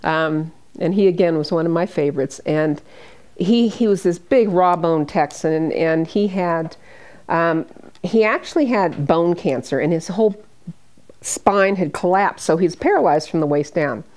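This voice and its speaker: An older American woman speaks to a small audience as a hospice nurse, telling patient stories one after another. Her voice sits a little low, and she brings the people she quotes to life as she talks. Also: measured pace. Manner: warm anecdotal storytelling with quoted dialogue. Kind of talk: storytelling presentation.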